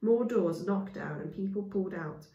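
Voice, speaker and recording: A woman's voice: mid-range voice, normal speed, warm tone, lo-fi sound. A woman reading a storybook aloud as a storyteller, with casual asides to her listeners. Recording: echoey room, voice from far off.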